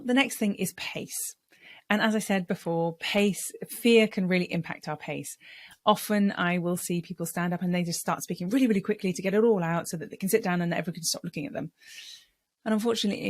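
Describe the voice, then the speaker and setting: A woman speaking coach teaching to camera in a clear, deliberate way, sometimes acting out voice styles. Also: on the low side, dry recording.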